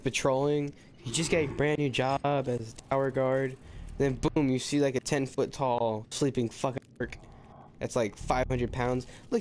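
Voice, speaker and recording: A man giving let's-play commentary, excitable and full of swearing and rambling asides. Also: medium pitch, a little hiss or hum. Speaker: gamer. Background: game music.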